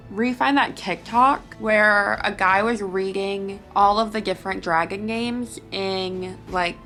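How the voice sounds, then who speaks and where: A woman's voice: mid-range voice, fairly bright tone. A tired, jittery young woman chatting and giggling while reading aloud on a casual book vlog. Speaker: book vlogger.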